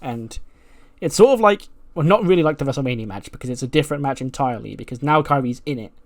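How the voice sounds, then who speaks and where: This man narrates a wrestling management game as a let's play, rambling casually and packing his talk with fillers like "like" and "you know." His voice sits at a medium pitch and comes out rapid-fire.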